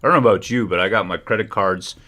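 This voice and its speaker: A man's voice: fairly low pitch, fast talker, sharp tone. A man hosting a live stream, commenting heatedly and often restarting his phrases. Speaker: livestream host.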